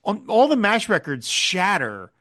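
A man's voice: high-pitched, a little slow, dry recording, studio quality. A man co-hosting a podcast, casually recapping a TV episode and acting out quoted lines as he goes. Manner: animated retelling, quotes scenes in character. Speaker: podcast co-host.

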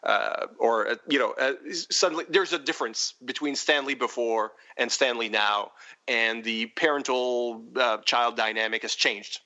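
A man talking through a film on a podcast in a casual way, pausing often with fillers and restarts. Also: mid-range voice, sharp tone, lo-fi sound. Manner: halting, many fillers and restarts. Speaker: podcast panelist.

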